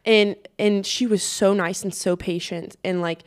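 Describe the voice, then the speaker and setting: A woman's voice: medium pitch, measured pace, clean tone. A young woman co-hosting a podcast in casual chat, telling stories animatedly with lots of "like" and quoted voices. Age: young adult. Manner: chatty, full of "like", animated storytelling with quoted voices. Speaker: podcast co-host.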